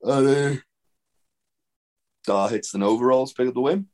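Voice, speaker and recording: A man's voice: mid-range voice, normal speed, darkish tone. A man co-hosting a podcast, recapping wrestling in a rambling, casual way, swearing freely and with lots of fillers. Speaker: podcast co-host. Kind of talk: casual wrestling review chat.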